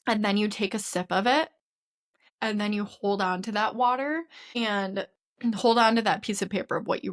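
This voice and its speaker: A woman hosting a podcast, giving a casual spiritual wellness lesson mixed with personal stories, in an earnest and open conversational way. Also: mid-range voice. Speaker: podcast host.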